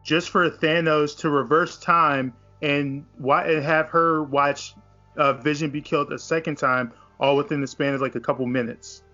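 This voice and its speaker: A man in a casual chat, speaking haltingly and repeating words. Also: a little high, steady tone, bright, forceful tone, dull audio, soft background music.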